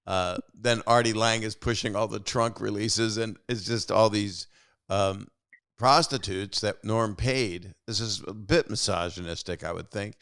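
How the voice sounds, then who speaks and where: His voice is lowish, clear, and resonant with a fairly bright tone, and he speaks at a measured pace in clean studio sound without echo. In his sixties, he hosts a call-in show, rambling through stories, cutting himself off, and chatting casually with callers.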